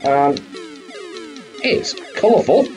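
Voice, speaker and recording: A man's voice: fairly high pitch, very animated, takes it slowly, a little mellow, faint music behind. A man hosting a retro game live stream, chatting casually and swearing now and then. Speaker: streamer host.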